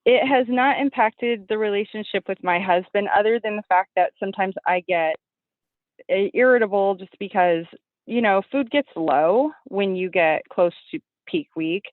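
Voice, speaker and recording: A woman's voice: normal speed, dry recording. Woman guest on a tinny phone line. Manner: animated storytelling, acts out quotes in a high voice. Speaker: podcast guest, bodybuilding competitor. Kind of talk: casual interview chat.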